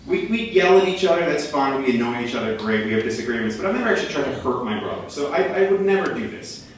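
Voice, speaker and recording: A young man telling a comic story live on a small theater stage, animated and rising to near shouts at the big moments. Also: medium pitch, fast. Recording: echoey room from a distance.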